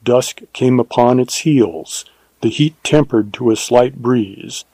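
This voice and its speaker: A man reading a Western novel aloud in measured, even audiobook narration. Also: medium pitch, breathy edge, dry recording, poor audio.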